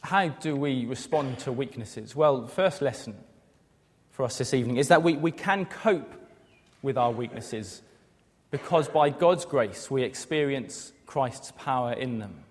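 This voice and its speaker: Earnest preacher in a reverberant hall. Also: male voice, medium pitch, a little slow, husky. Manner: earnest, rhetorical questions, acts out quoted voices. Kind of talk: sermon.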